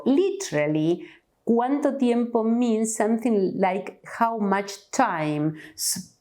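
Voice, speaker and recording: Argentine woman, native Spanish speaker, language teacher; unhurried, animated pitch, clear drill-style delivery. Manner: clear, deliberate, repeats each word then its translation. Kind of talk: slow language lesson with examples.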